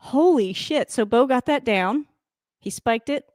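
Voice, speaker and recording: A woman hosting a casual live football reaction, excitable and swearing, often laughing and talking straight to the coach. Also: a little high, measured pace, dry recording, studio quality. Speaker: sports reaction host. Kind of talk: casual live game commentary.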